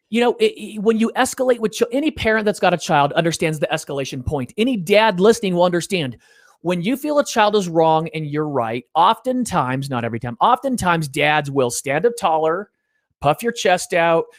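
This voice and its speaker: A middle-aged man giving an interview, telling stories in an earnest, animated way and dropping low to make a point. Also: moderate pace, dry recording, clean studio sound. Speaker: interview guest, parenting author.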